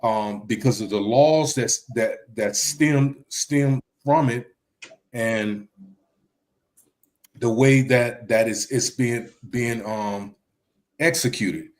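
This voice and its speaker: A man hosts a casual talk in a voice of ordinary pitch. He feels his way through his points with frequent ums and restarted phrases. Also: slow pace. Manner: hesitant, many ums and restarts. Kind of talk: casual discussion.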